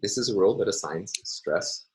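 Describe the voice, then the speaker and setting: A man giving a recorded university phonology lecture, explaining step by step with frequent "uh" and "um" pauses. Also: low voice, expressive, a little hiss or hum, rough recording.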